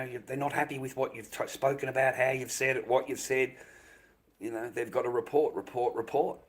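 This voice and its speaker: Over a rough recording, an Australian man with a mid-range voice rambles on his live stream. He's blunt, swears, brushes things off, says the same things again, and frequently trails off into a mutter.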